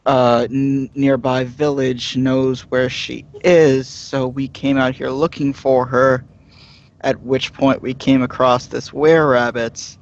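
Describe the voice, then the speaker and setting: A man's voice: medium pitch, level tone, slow pace. A man speaks as his character in a tabletop game, taking his time and choosing his words politely. The sound is dull and lo-fi. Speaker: player. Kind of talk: in-character tabletop role-play.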